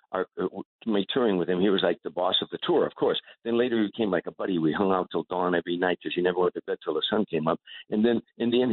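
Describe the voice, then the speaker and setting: An older man, a comedian, telling stories with animated restarts in a radio interview over the phone. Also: low-pitched, no echo. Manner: animated storyteller with repeated restarts. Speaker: guest comedian. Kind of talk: casual radio interview storytelling. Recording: tinny phone line.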